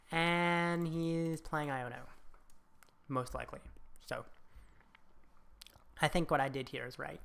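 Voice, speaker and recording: A woman's voice: low-pitched, measured pace, long pauses, pushed and bright. A woman giving casual, muttered commentary while playing a card game, reassuring herself that every setback is fine.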